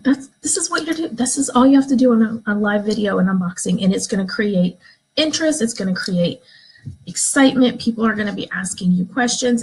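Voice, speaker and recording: A woman's voice: mid-range voice, slightly rough, low-quality recording. A woman leading a live video training for her direct sales team, upbeat and encouraging, talking straight to new members. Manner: upbeat, encouraging, acts out excited examples. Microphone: phone or webcam, live stream.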